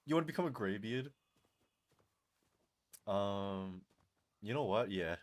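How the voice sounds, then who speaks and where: A man live-streaming, chatting casually and answering his chat, animated and quick to laugh, his voice strained and tiring. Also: lowish voice.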